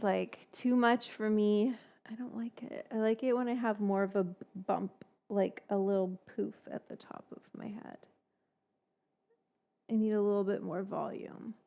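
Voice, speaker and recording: Chatty woman hosting a cooking stream. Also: mid-range voice. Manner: rambling, chatty, swears casually, mutters asides. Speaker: cooking show host. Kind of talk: casual live-stream chat.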